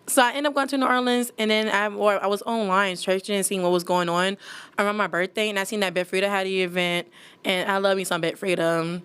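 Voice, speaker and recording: A woman in her twenties co-hosting a casual podcast chat, talking quickly and animatedly, laughing often. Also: medium pitch, fairly even intonation, fairly bright tone. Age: 20s. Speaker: podcast co-host.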